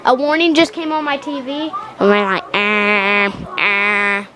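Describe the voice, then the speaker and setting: A woman talking casually to the camera in a homemade comedy video, goofy and excitable. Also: high-pitched, a little fast, background noise. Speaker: video maker. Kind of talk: homemade toy comedy vlog.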